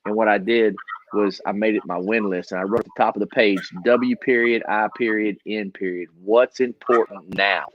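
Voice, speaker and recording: A middle-aged man giving a casual motivational talk as a trainer, energetic and laughing often, with many restarts. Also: lowish voice, moderate pace, dry recording, highs cut off. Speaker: trainer co-hosting a live training session.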